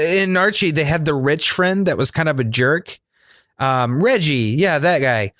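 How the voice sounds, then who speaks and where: A man co-hosts a casual podcast chat, laughing and exasperated as he jokes. His voice sits a little high. The sound is dry and close, with no room around it. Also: measured pace, fairly bright tone, clean tone, no echo. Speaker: podcast co-host.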